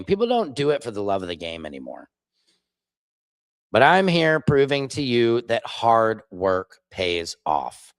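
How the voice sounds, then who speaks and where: A man chats loosely on his livestream, jumping from point to point and slipping into mocking impressions. His voice sits at an ordinary middle pitch, and the sound is dry and close with no room echo. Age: adult, father of children. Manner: rambling, digressive, mocking impressions. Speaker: streamer, independent commentator. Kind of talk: casual livestream commentary. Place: home studio.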